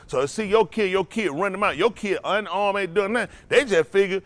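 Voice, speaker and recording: A man pastor preaching a sermon, animated and acting out voices. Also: high-pitched, fast talker, few pauses, no room sound. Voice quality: animated preaching with acted-out voices, laughing and shouting at times.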